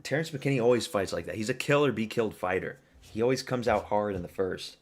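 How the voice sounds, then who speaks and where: A man hosting a fight watch-party stream, giving excitable, profane live reactions and yelling at the screen. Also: fairly low pitch, fast talker.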